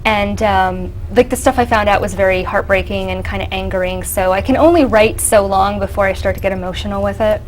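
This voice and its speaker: A young adult woman, an actress, chatting casually in an interview, animated and full of fillers. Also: mid-range voice, a little fast, few pauses, soft background music, rough recording. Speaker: actress guest.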